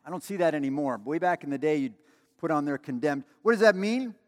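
A man's voice: on the high side, lively intonation, fast talker, big-room sound. A man preaching a sermon in a conversational way, with emphatic repetition and storytelling asides. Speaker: pastor.

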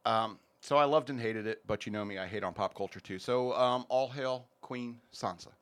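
Speaking at a moderate pace in a medium pitch, a man hosts a casual podcast. His sponsor reads come out rambling and joking, packed with fillers.

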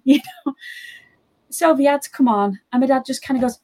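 A young woman telling a spooky personal story in casual chat, lively and quoting others. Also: high-pitched, a little fast, slightly rough. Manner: animated, quotes others in voices.

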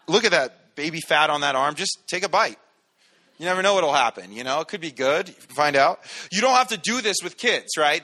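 A man's voice: on the high side, pushed and bright. A male pastor, preaching in a casual, conversational way and playfully acting out little voices to make his points. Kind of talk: casual sermon. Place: church sanctuary.

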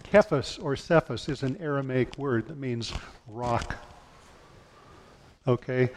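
A man preaching a sermon, retelling scripture with lively storytelling and dropping low and quiet for quoted lines. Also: slight background noise. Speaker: pastor.

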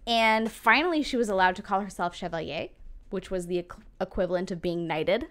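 A woman's voice: medium pitch, a little fast, fairly bright tone. A woman casually telling a history story on a podcast, laughing often and swearing freely.

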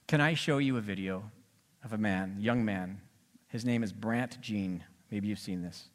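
Pastor preaching with swings in volume. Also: male voice, lowish voice, unhurried. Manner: expressive preaching, voice swinging from loud to soft. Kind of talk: sermon.

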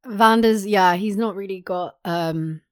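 A woman's voice: mid-range voice, measured pace, smooth, no room sound, clean studio sound. A young woman co-hosting a podcast, playfully recapping a show with slangy asides. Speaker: podcast co-host. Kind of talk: casual chat recapping a show.

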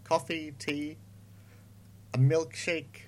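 A man's voice: on the high side, little pitch movement, extremely slow, a little mellow. A man running a tabletop game as game master, narrating in an easygoing way and thinking aloud.

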